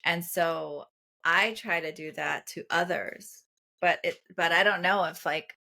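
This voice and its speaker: A woman co-hosting a relaxed podcast chat, speaking calmly, gently and reflectively. Her voice sits a little low for a woman. She talks in a quiet, even way. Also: unhurried, creaky. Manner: calm, soft-spoken, reflective. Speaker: podcast co-host. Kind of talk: casual chat.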